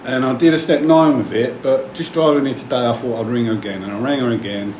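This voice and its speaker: Here a middle-aged man talks fast in a medium-pitched, somewhat mellow voice with fairly even intonation. It's a candid, slightly emotional recovery-meeting share full of rambling and cursing. Background noise fills an echoey space.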